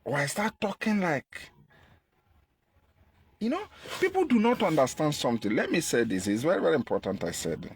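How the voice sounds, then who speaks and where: A man with a Nigerian Igbo accent delivering an impassioned political monologue, repeating his points and jumping in pitch for emphasis. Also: big pitch swings, moderate pace, pauses often, slightly rough, dry recording. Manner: emphatic, repetitive, pitch leaps when stressing. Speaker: activist commentator.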